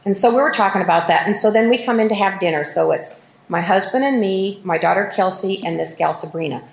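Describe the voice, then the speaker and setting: A woman's voice: mid-range voice, quick pace, vocal fry, roomy sound, poor audio. A woman giving a candid personal testimony at a recovery meeting, often laughing at herself as she tells it.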